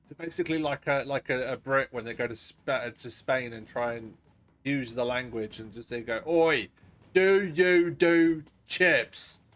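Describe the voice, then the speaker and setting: A man's voice: mid-range voice, steady tone, normal speed, fairly bright tone. A man narrating as dungeon master in a casual, laughing way that drops in swear words. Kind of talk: narrating a tabletop game. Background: faint ambient game music.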